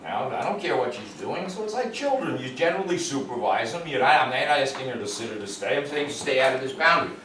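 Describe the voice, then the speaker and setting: A man working as a dog trainer, explaining calmly to the owners and giving a dog short, upbeat praise during a demonstration. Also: medium pitch, quick pace, hardly any pauses. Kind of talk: instructional demonstration. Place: indoors in a home. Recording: roomy, distant sound with faint noise.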